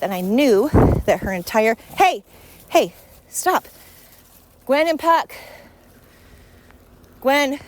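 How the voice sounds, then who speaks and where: A woman podcast host with a mid-range voice vents in a frank, rambling monologue at home with her dog. There's noise in the background.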